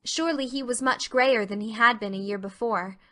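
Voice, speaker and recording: A woman reading classic fiction aloud as narrator, her voice bright and ringing and pitched a little high. Her storytelling is expressive and carefully paced. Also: a little fast. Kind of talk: scripted narration of a classic novel.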